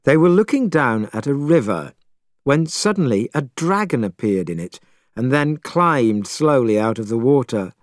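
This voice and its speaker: A man narrating a storybook chapter in a measured, expressive way. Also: mid-range voice, dry recording, clean studio sound.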